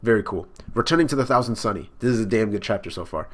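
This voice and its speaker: A man reacting live to a comic chapter, excited and swearing freely as he thinks out loud. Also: lowish voice, fast, hardly any pauses. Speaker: manga reaction streamer.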